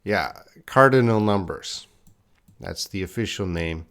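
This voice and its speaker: Slow, deliberate man teaching English live. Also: low voice, animated, gravelly, a bit bright. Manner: slow, deliberate, drills words for students to repeat; chats with viewers, reading the live chat aloud. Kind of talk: live-streamed English lesson.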